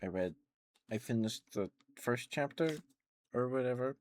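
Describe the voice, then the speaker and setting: A sleepy young man streaming ASMR, chatting softly and gently in a rambling way. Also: medium pitch, animated, measured pace, background noise. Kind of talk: soft ASMR chat.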